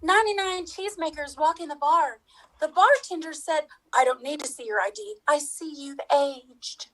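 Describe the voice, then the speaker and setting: A woman's voice: high voice, moderate pace, fairly bright tone. A woman, an improv player, telling jokes lightly with a giggle. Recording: distant from the mic.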